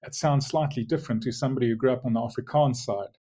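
A middle-aged man with a South African accent answers interview questions at an even middle pitch. He explains things in a measured way, often restarting a phrase before he carries on. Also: slightly rough. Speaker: guest, logistics executive. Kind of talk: remote podcast interview.

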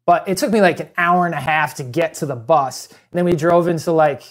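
A man's voice: on the high side, a little fast. A man telling rambling, self-deprecating stories as a guest on a casual podcast. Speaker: guest, former stand-in.

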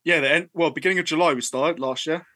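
A man, a podcast co-host, answering as a guest in a halting, easygoing way. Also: fairly high pitch, pushed and bright, no room sound, clean studio sound. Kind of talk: casual podcast interview.

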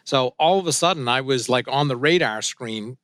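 A middle-aged man calmly retelling a personal story in a casual, conversational way. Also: mid-range voice, moderate pace, no echo. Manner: calm, even, conversational with fillers and quoted dialogue.

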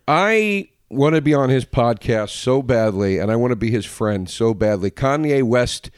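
A man co-hosts a loose comedy podcast, his pitch leaping up and down as he rambles and slips into impressions. He swears casually. The sound is close and dry, with no room around it. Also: clean tone, no room sound. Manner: animated, swears freely, jumps into quick impressions. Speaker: podcast co-host.

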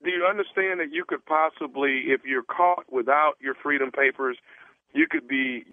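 Halting man on a prank phone call. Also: a little hiss or hum. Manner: earnest, halting sales pitch with many restarts. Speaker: prank caller posing as salesman. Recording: tinny phone line.

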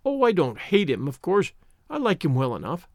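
A man's voice: fairly high pitch, wildly swooping pitch, normal speed, dry recording, studio quality. A man voicing a proud, frank young woman of twenty-two who teases her younger cousin, read as an audiobook figure. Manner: frank, teasing, worldly. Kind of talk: audiobook reading.

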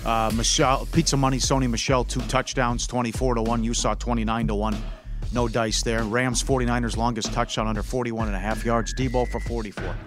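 A man co-hosting a sports betting show, talking in a casual, animated way with jokey outbursts. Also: medium pitch, fairly quick, over music. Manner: animated, jokey, loud bursts when mocking.

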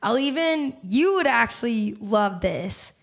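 A young woman chatting as a podcast guest, bubbly and quick to laugh, her talk full of "like" and "you know". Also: a little high, lively intonation, creaky, fairly bright tone. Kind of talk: casual podcast conversation.

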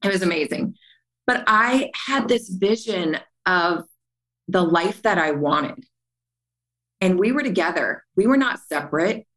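Speaking unhurriedly in a fairly low voice, a middle-aged woman shares her story as a podcast guest, earnest and animated, performing the voices of the people she quotes. It's a candid storytelling conversation captured with poor audio.

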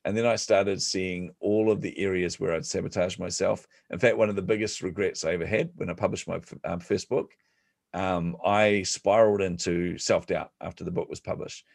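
Man, podcast guest, deep voice, dry close sound, animated self-deprecating storyteller. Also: moderate pace, vocal fry, dry recording. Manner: animated, acts out quoted voices; self-deprecating humor, frequent laughs. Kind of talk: storytelling in an interview.

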